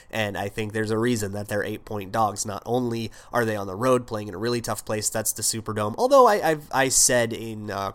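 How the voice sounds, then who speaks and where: A man with a sick voice hosting his own sports podcast, talking loosely with lots of fillers and restarts. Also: lowish voice. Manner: rambling, many fillers and restarts. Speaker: podcast host. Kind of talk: solo sports podcast talk.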